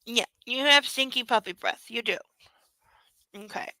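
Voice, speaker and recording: A woman hosts a comic book club at home, reading a novel aloud and cutting in with sarcastic, giggly remarks. Her voice is bright and sits slightly high. The sound is dry and close-miked. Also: normal speed, gravelly, no echo, poor audio. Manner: sarcastic, giggly, breaks into baby talk. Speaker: host of a book club show.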